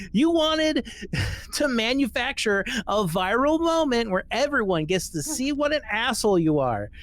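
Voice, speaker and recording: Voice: medium pitch, fairly bright tone. A podcast host reading a social media post aloud and mocking it, swearing casually and laughing between lines.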